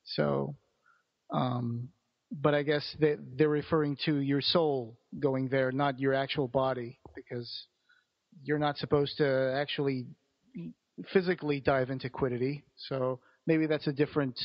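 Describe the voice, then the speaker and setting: A man's voice: medium pitch, flat delivery, measured pace, highs cut off. A man co-hosting a podcast who thinks aloud hesitantly, with trailing sentences and fillers. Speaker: podcast co-host. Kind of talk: casual chat about books.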